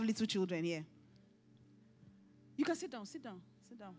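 A middle-aged woman pastor with a Nigerian accent, preaching emphatically at a conference and often raising her voice to a shout. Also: medium pitch, moderate pace, faint music behind. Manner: emphatic, animated preaching with rising shouts and mimicry. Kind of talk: conference sermon. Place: conference hall.

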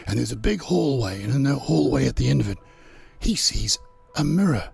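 A man telling a crude, mocking fairy tale, playful and unhurried, with chuckles between lines. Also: mid-range voice, expressive, gravelly, a little mellow, breathy edge, soft background music. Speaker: storyteller and channel host. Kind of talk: crude comic storytelling.

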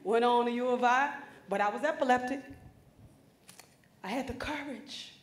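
A woman gives a motivational conference speech in a high, ringing voice. She is emphatic and preacherly and talks straight to a room of students. Her voice echoes through a large hall. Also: moderate pace, a little hiss or hum. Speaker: motivational speaker.

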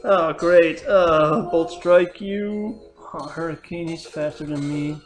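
A young gamer giving live commentary on a challenge run at home, dropping from low muttering to loud cursing outbursts. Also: slow, soft background music. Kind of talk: live let's-play commentary. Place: home room. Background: faint noise, dogs at times.

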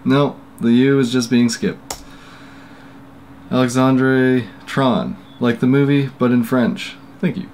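A man's voice: medium pitch, steady tone, takes it slowly, darkish tone, a little hiss or hum. A man casually reading out a list of names in a workshop vlog, stumbling over pronunciations with self-deprecating asides. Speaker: maker YouTuber.

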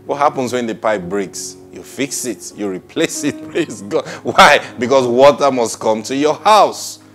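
A man preaching a sermon, emphatic, laughing often and acting out quoted people in a low muttering voice. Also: lively intonation, unhurried, a bit bright, soft background music.

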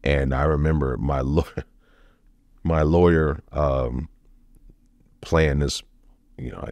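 A man's voice: very deep voice, fairly even intonation, slow pace, a little mellow, dry recording. A man telling his own story as a podcast guest, blunt and profane, with emotional swings. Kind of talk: candid personal storytelling.

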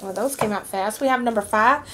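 A woman's voice: fairly high pitch, fairly quick, very noisy. Chatty woman giving a tarot reading. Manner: chatty, reassuring, frequent okays and fillers. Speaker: tarot reader. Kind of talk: casual tarot reading to camera.

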